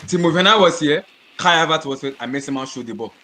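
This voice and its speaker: A man co-hosting a football podcast, arguing his points passionately, repeating words and shouting in bursts. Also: fairly high pitch, expressive, fast talker. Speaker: podcast co-host. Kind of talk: heated casual football chat.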